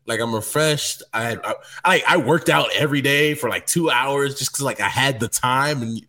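A man co-hosting a podcast, talking in a confident, animated way with frequent laughs. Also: mid-range voice, moderate pace, few pauses. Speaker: podcast co-host. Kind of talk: casual chat.

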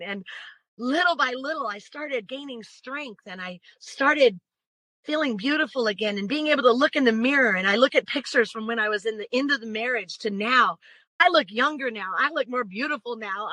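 Bright-voiced woman telling her story. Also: fairly high pitch, dry recording, rough recording. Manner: earnest, rushing, emphatic. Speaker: interview guest. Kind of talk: emotional personal storytelling.

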